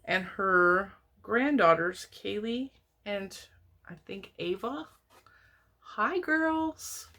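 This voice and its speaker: A middle-aged woman vlogging from home, chatty and rambling as she opens mail from viewers, laughing often, her voice jumping high when excited. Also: slow pace. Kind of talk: casual chat. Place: home, indoors, TV on in the room.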